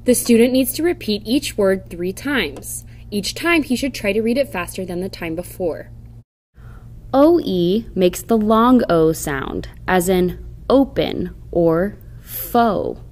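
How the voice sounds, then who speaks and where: A woman's voice: mid-range voice, animated, a little mellow. A woman giving scripted instructional narration for a reading program, carefully sounding out example words. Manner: slow, careful demonstration of word sounds.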